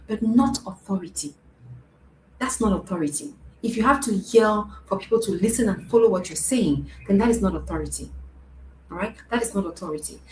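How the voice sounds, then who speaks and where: A woman with a dark, medium-pitched voice gives parents earnest coaching in a live-streamed talk. She repeats her points and often asks "right?" Faint noise and an echoey room are audible.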